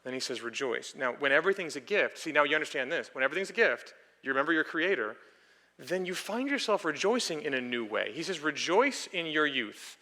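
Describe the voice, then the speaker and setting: A man's voice: a little high, lively intonation, quick pace, sharp tone. Earnest male pastor in a reverberant hall. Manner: earnest, explains and restates points. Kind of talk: conversational sermon. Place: church sanctuary. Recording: long reverb of a church hall.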